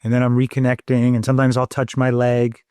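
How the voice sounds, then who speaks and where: A middle-aged man with a mid-range voice talks calmly and explains things step by step. He co-hosts a relaxed parenting conversation in a measured, reassuring manner, recorded close and dry. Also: mid-range voice, clear, resonant tone, no room sound. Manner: calm, explanatory, talks through steps. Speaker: podcast co-host.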